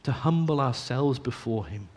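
A man preaching a sermon, earnest, often dropping to a soft hush on key phrases. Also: mid-range voice, lively intonation, moderate pace.

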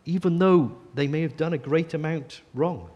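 A man preaching a sermon, earnest, often dropping to a soft hush on key phrases. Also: on the high side, normal speed, lo-fi sound.

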